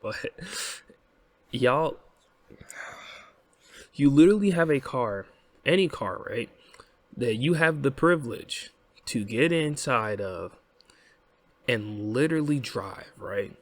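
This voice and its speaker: A man's voice: medium pitch, animated, slow, pauses often, no room sound. A young American man hosting a casual commentary vlog, rambling and often checking in with "right?". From United States. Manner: rambling, frequent "right?", swearing. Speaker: host.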